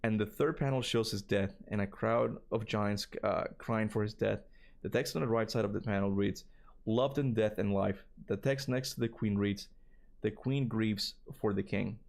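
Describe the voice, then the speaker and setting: A man's voice: lowish voice, normal speed, creaky. A male gaming streamer reading a fan theory aloud on a livestream. He stumbles over words and keeps breaking off into casual asides, full of "bro" and "you know".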